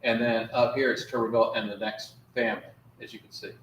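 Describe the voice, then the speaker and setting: A man's voice: fairly low pitch, flat delivery, fast talker, fairly bright tone, slight background noise. A man, a priest, telling a church group a rambling, chatty travel story with lots of fillers. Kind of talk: informal talk to a congregation with slides. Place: church hall. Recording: echoey room, faint ambience.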